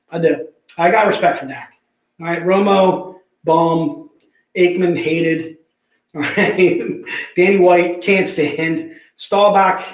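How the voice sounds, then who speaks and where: Energetic male livestream host, high-pitched, jokey patter, roomy echo. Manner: energetic, joking, repeats "all right". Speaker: livestream host selling comic packs. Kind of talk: casual sales livestream chat. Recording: echoey room.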